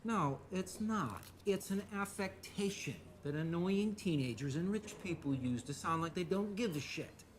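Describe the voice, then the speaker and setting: A man's voice: high-pitched, expressive, normal speed, hardly any pauses, slight background noise. An actor playing a blunt adult male customer who sarcastically mocks a barista. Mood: deadpan. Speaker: coffee shop customer.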